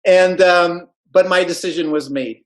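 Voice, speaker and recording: A man's voice: high voice, a little slow, low-quality recording. A man speaking English as a second language tells his sales story with energy. He acts out the voices of the people in it and keeps the story moving like a motivational speaker. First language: not English. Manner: animated storyteller, acts out quoted dialogue. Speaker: network marketing speaker.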